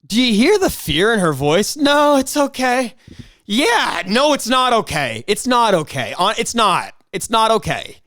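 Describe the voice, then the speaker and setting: Solo podcast host, a man with a higher voice, rambling and excitable, dry sound. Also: moderate pace, hardly any pauses, dry recording. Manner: rambling and excitable, frequent restarts and mock outrage.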